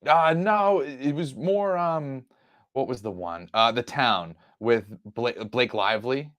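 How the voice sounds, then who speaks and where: A man with a Boston accent co-hosting a podcast in relaxed, easygoing chat, with some halting starts. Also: mid-range voice. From Boston area, US. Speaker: podcast co-host.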